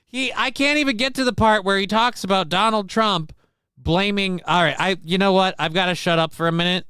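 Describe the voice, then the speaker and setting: Male podcast host, high-pitched, dry close sound, furious sarcastic political rant. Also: steady tone, brisk, pushed and bright, clear, resonant tone, dry recording. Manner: angry, profane, sarcastic ranting.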